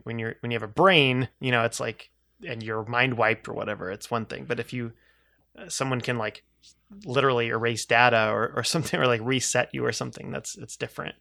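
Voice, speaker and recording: A man's voice: mid-range voice, vocal fry, pushed and bright, no echo, studio quality. A man chatting casually as a podcast co-host, rambling with frequent restarts and laughs. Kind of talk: casual chat.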